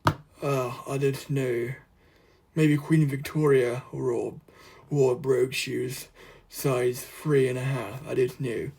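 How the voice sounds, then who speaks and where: Guy unboxing stuff, chatty and rambly, gets excited, bit of noise in the background. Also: mid-range voice, slow pace, vocal fry. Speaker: vlogger. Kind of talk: casual unboxing vlog.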